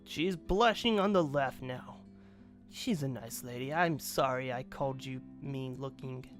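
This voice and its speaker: A man's voice: medium pitch, measured pace, soft background music. A young man hosting a let's play, reading a visual novel's narration aloud and chatting casually, swearing freely.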